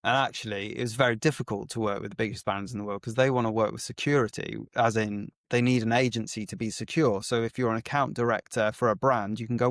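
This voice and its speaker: Animated man telling stories. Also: fairly low pitch, quick pace, few pauses, dry recording, clean studio sound. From England. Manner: animated storyteller who acts out quoted exchanges, frequent "like" fillers. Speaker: guest, agency founder. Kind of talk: casual storytelling interview.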